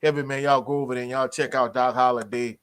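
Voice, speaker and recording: A mid-pitched man hosts a casual college sports livestream, speaking quickly and smoothly in a laid-back, slangy style while greeting people in the chat.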